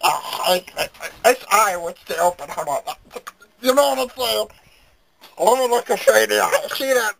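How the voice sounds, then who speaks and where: A man's voice: high voice, moderate pace, creaky, a bit bright, a little hiss or hum, low-quality recording. A man putting on the voice of a goofy, self-mocking young guy who rambles, stammers and giggles. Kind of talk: comic character monologue.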